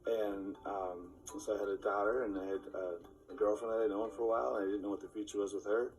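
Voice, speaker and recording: A man's voice: fairly low pitch, little pitch movement, fast talker, a little mellow, recorded from a distance, soft background music, rough recording. A man telling an earnest personal story about becoming a father young. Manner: earnest, reflective, with fillers.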